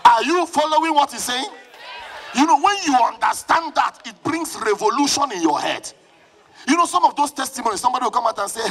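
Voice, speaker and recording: A man with a Nigerian accent preaching a live sermon at a church service, fervent and often shouting, calling on the congregation to answer him. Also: very high voice, expressive, brisk. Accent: Nigerian English.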